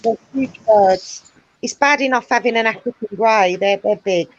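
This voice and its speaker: A woman's voice: fairly high pitch, moderate pace, highs cut off. A woman hosting a casual chat, talking at length in a rambling, chatty way. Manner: chatty, rambling, fond of birds. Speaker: host.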